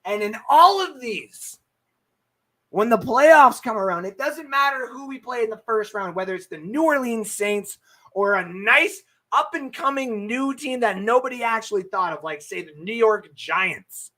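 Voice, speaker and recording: A man's voice: very high voice, animated, normal speed, bright, forceful tone. Brash, hyped-up sports show host man. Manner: brash, hyped, swears freely; reads and answers viewer comments. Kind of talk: live-streamed football talk show. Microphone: webcam setup.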